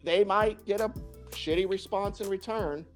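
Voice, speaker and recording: A man working as a dating coach, answering interview questions in a lively, profane way and often laughing. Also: sits high, normal speed, soft background music.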